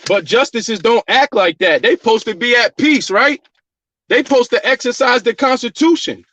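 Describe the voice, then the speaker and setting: This vlogger confronts court staff while filming with the phone in his hand, arguing insistently and going over his points repeatedly. He has a very high, bright voice with a forceful tone and a moderate pace. There's no room sound, and the audio is dull.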